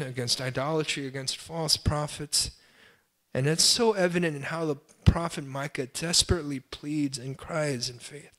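A young adult man, a pastor, preaching a sermon with impassioned swells and pleading cries, then dropping to quiet, self-deprecating asides. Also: mid-range voice.

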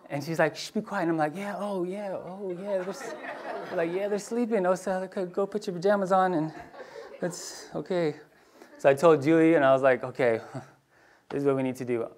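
A man preaching in a casual storytelling way, acting out voices in his anecdotes and dropping to a hushed tone for tender moments. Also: mid-range voice. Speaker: pastor. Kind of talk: storytelling sermon.

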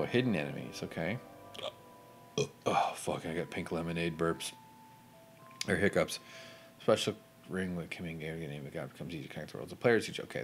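A man giving casual, crude, sarcastic commentary over a video game playthrough. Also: low voice. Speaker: gameplay commentator. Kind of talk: casual let's play commentary.

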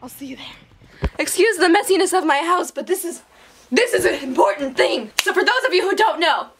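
Young woman, casual vlog, high pitch, excitable, laptop mic. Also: brisk, slight background noise. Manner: excitable, giggly, breathless. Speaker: YouTuber. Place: at home, indoors. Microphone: laptop or camera mic.

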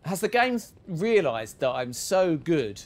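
Casual gamer narrating his play, lively swings in pitch, mid-range voice, chatty and self-mocking. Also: slow pace. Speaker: gaming video creator. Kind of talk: casual gameplay commentary.

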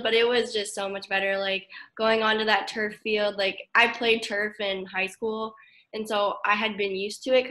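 A young woman athlete talks casually on a video call, hesitant and full of likes. Her voice is fairly high and very bright. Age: young adult. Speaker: student-athlete.

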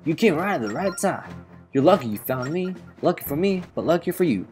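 A man's voice: fairly high pitch, sing-song, a little fast, a little mellow, faint music behind, voice pushed up. A man voicing a brash, pushy male sailor captain while reading game dialogue aloud. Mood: bossy. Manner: boastful, bossy, reading game text aloud.

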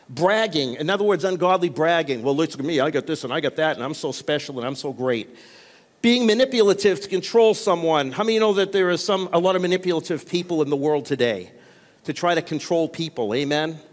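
A man preaching a sermon as pastor, asking the congregation for amens between points. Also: high voice. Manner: call-and-response preaching, frequent amens. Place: church sanctuary. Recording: long reverb of a church hall.

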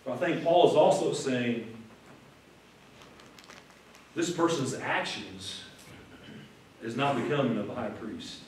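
A man's voice: fairly high pitch, lively intonation, moderate pace, a little mellow. A man preaching a sermon as pastor, conversational, repeating words and acting out the people he quotes with rising emphasis. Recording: echoey room from far off.

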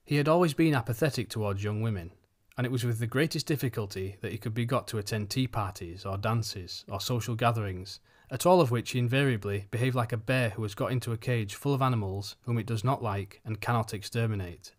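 A man narrating a short story for an audiobook in an even, unhurried reading. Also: mid-range voice. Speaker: audiobook reader.

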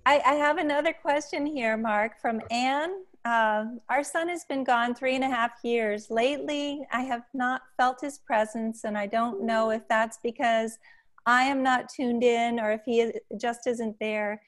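A woman hosting a video call meeting, gently reading out questions from the audience. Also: on the high side, steady tone, measured pace.

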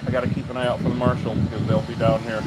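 A man who runs a bee removal business, livestreaming from a busy town street in a profane, rambling, excitable way. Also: medium pitch, rapid-fire. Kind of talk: casual livestream narration on site. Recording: noisy outdoor street recording.

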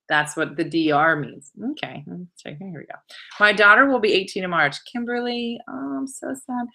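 A woman's voice: medium pitch, sharp tone. A middle-aged woman hosting a live wine-tasting stream, chatting casually, laughing and reading viewer comments aloud. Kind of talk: casual livestream chat.

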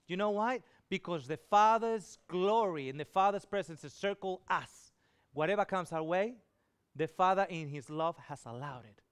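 A man's voice: high voice, smooth. A man preaching a sermon, telling a personal story with emphatic swells of feeling. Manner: emphatic, swells louder on key lines. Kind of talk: sermon testimony.

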